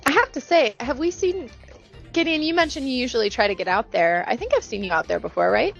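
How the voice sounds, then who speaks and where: A woman's voice: a little high, expressive, fast, vocal fry, a bit bright, lo-fi sound, faint music behind. A woman co-hosting a casual podcast chat, joking and laughing often. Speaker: podcast co-host.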